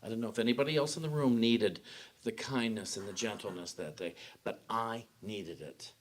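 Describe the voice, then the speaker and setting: A man's voice: lowish voice, normal speed. Man preaching a conversational sermon. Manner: personal, conversational preaching with frequent restarts. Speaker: pastor. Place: church sanctuary.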